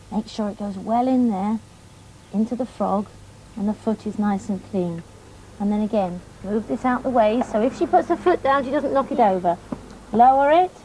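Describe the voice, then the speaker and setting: A middle-aged woman, a riding instructor, calmly demonstrating horse care to children step by step. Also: fairly high pitch, slight background noise, rough recording. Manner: calm, gentle, explains each step patiently. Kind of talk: hands-on demonstration teaching children.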